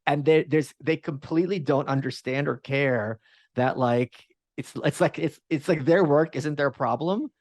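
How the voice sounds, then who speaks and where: A man talking in a casual conversation, emphatic, with quick asides and restarts. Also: fairly high pitch, darkish tone, no room sound, clean studio sound.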